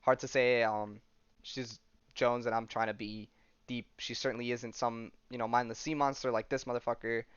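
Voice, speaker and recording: A man's voice: mid-range voice, little pitch movement, normal speed, fairly bright tone, smooth, no room sound, dull audio. A man hosting a podcast, recapping a comic in a rambling, swearing way and acting out the characters. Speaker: podcast host.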